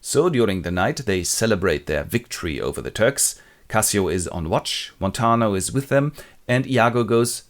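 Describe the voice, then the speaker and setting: A man with a low voice that moves lively up and down, narrating a comic retelling of a classic play. He is wry and sardonic throughout. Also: normal speed.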